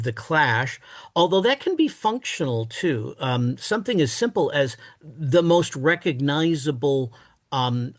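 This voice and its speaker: Male academic guest, halting delivery full of fillers, mid-pitched, dry close recording. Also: dry recording. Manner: halting, many fillers and restarts; reads verse aloud with exaggerated stress. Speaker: guest scholar. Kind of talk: thoughtful interview answers.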